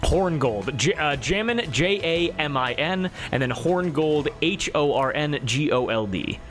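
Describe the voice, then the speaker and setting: Animated man running a tabletop game. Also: a little high, measured pace, soft background music. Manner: loose and rambling with many fillers. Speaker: game master.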